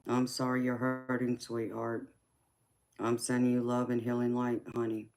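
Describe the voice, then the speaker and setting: A tarot reader with a Southern Georgia accent, from the Southern United States, hosts a casual livestream, reading viewer comments, laughing a lot and calling people honey and sweetheart. Her voice is extremely low, monotone and darkish, at a normal speed.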